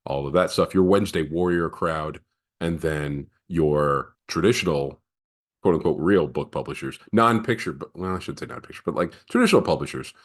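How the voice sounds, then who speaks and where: A man's voice: very deep voice, normal speed. A man hosting a podcast interview, asking thoughtful questions and agreeing often. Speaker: podcast host. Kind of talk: interview host.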